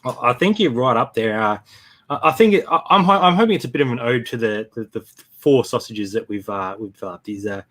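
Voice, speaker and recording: A man's voice: mid-range voice, expressive, fast talker, fairly bright tone. An Australian man co-hosting a live stream, chatting casually and reading out names from the chat. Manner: laid-back, reads out chat names. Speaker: co-host of a live reselling show.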